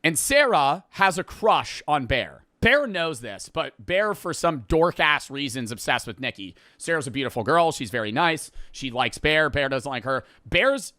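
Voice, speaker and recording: Man, smooth clear voice, dry close sound, casual profane storytelling, rambling asides. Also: on the high side, no room sound. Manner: rambling, profane, animated retelling with quick asides. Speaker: vlogger retelling a movie plot.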